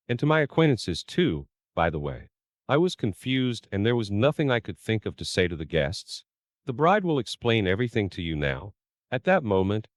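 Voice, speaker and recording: A man's voice: lowish voice, no room sound, studio quality. A man narrating a first-person story in a plain storytelling voice, reading the quoted lines of others without acting them out.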